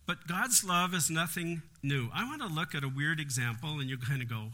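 A man's voice: fairly high pitch, normal speed, hardly any pauses, bright, forceful tone. A man leading a Bible study in an earnest, explanatory way, with frequent conversational asides.

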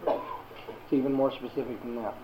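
A man's voice: mid-range voice, little pitch movement, moderate pace, mellow, slight background noise, low-quality recording. A man teaching a Bible lesson to a class and asking them questions.

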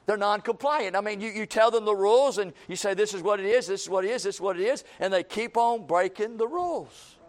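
A man's voice: high voice, fairly quick, hardly any pauses. A man preaching a sermon, folksy and repetitive, building to emphatic calls and acting out everyday scenes.

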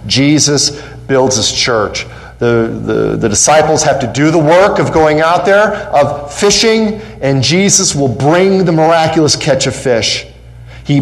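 A pastor with a mid-range voice preaches with mounting passion in a church sanctuary, his voice climbing on questions and quotes. He repeats phrases for emphasis, and the sermon is recorded in low quality.

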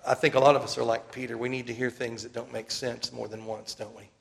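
Gravelly-voiced male preacher. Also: medium pitch, little pitch movement. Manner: earnest, emphatic repetition, slows down for key phrases. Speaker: pastor. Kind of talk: sermon.

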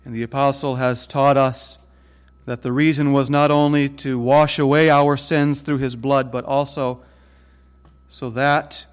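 A man preaching a sermon in an earnest way, rising to emphatic peaks and then dropping low and soft. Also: level tone, measured pace, smooth.

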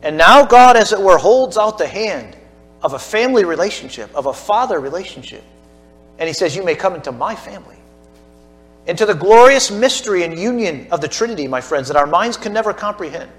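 A man preaching a sermon to a church congregation, building to emphatic peaks and dropping to hushed asides. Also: high voice, lively intonation, fairly quick, faint music behind. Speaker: pastor.

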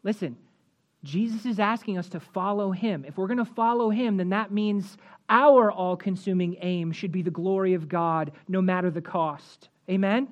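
A woman preaching a sermon, walking through scripture verse by verse and rising in pitch and force at emphatic points. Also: highs cut off. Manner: rises in pitch and volume at emphatic points, slows for key phrases; expository, walks through verses.

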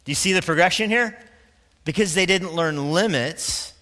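Bright-voiced man preaching in a reverberant hall. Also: high voice. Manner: conversational preaching with quick asides and laughs. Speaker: pastor. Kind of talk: sermon.

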